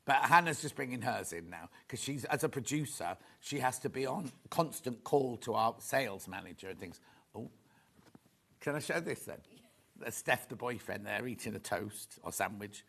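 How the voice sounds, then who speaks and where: A man presenting a live shopping show in a studio, chatty and rambling with quick asides. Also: mid-range voice, expressive, vocal fry, pushed and bright, slightly rough. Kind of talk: live selling chat.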